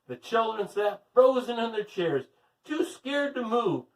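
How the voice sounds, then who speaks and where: A teacher reading a chapter book aloud to children, upbeat and encouraging, recorded from a distant mic. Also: male voice, high voice, big pitch swings, a little slow. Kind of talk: read-aloud storytelling.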